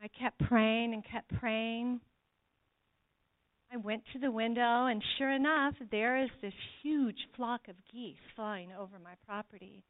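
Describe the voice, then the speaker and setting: A woman's voice: fairly high pitch, unhurried. A woman giving an earnest sermon testimony to a church congregation, speaking to them directly. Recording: tinny phone-like sound.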